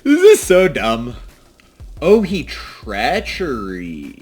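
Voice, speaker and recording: A man's voice: medium pitch, huge pitch swings, drawn-out words, a little mellow, husky. A man giving casual, self-mocking commentary while playing a card game, dropping to mutters and jumping to outbursts. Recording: faint music behind.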